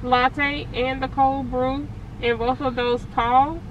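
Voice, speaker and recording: A woman's voice: high-pitched, level tone, slow, dull audio, slight background noise. A woman co-hosting a casual vlog from her car, full of sassy, teasing banter. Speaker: vlog co-host. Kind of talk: casual vlog chat and ordering. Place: car at a drive-thru.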